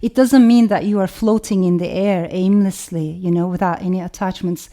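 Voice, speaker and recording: A woman author with a Turkish accent, speaking in a thoughtful, measured way and often saying "you know". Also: on the low side, fairly even intonation, mellow. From Turkey. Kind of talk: reflective talk to camera.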